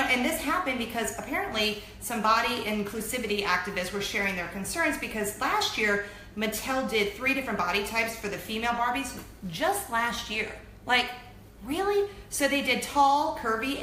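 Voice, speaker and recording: Bright chatty lady in her 30s hosting her web show, bit high, echoey room w faint hiss. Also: moderate pace. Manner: chatty, animated, self-deprecating. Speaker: host of a weekly web show. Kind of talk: casual chat to camera.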